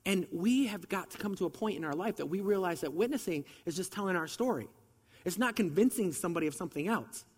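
A man with a fairly high voice preaches at a quick clip, chatty and full of rhetorical questions. He has a bit of a cold. His voice carries a long reverb, as in a large hall. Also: expressive, breathy edge. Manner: conversational, fast, with rhetorical questions. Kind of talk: sermon.

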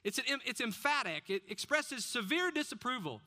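A man's voice: very high voice, big pitch swings, fairly quick, sharp tone. A man preaching a sermon as pastor, often putting questions to the congregation.

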